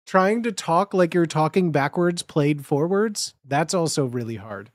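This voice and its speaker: A man's voice: on the high side, no room sound, clean studio sound. A young man streaming, chatting casually with rambling, giggly, crude jokes.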